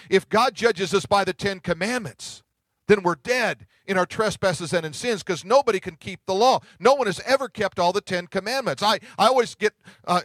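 A middle-aged man pastor giving a sermon, telling stories in a conversational way and dropping to hushed tones at tender moments. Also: high voice, no echo. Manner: conversational storytelling preaching, drops to hushed tones.

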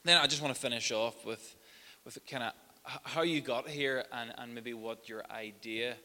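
Man interviewing a guest; easygoing and loose, bright voice, long reverb. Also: medium pitch, moderate pace. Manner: casual, loose, filler-heavy questions. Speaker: host. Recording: echoey room with faint hiss.

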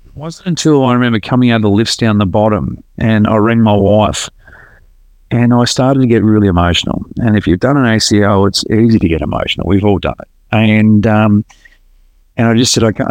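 His voice is lowish, clear and resonant, captured with no echo. Appearing as a podcast guest, he tells his story with earnest, lively casualness and frequent restarts.

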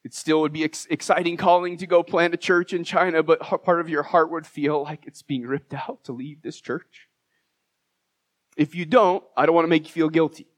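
Man preaching a heartfelt sermon. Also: medium pitch. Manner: emotional, heartfelt, self-deprecating humor. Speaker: pastor. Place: church sanctuary.

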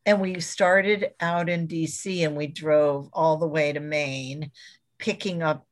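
A woman's voice: sits low, fairly even intonation, slow. A woman museum professional telling stories casually in an interview, laughing often as she talks.

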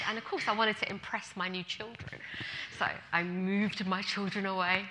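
A woman preacher giving a sermon, telling a funny story with animated, self-mocking delivery. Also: medium pitch, moderate pace. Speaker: guest speaker.

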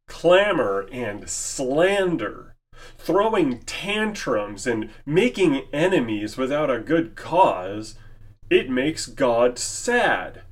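A male preacher delivers a sermon at an unhurried, measured pace, his voice sitting at an everyday middle pitch. He leans on rhetorical questions and lets his points land.

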